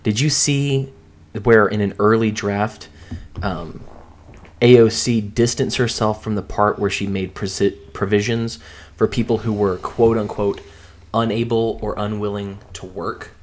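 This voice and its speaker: A man with a fairly low voice co-hosting a casual podcast. He drops dry, mocking quips and short comebacks. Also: fairly even intonation, measured pace. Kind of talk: casual political podcast chat.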